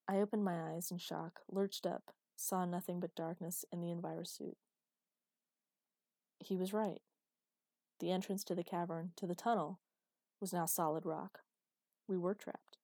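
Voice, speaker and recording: A woman reading a first-person romance novel aloud, in a steady, intimate storytelling manner. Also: lowish voice, a little slow, pauses often, no echo. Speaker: narrator.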